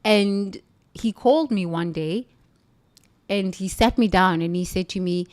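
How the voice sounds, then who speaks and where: A woman's voice: medium pitch, unhurried, a little mellow. A woman from the United States telling her own story in an emphatic, forthright way as a guest. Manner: emphatic, forthright, preachy at times. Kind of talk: conversational storytelling.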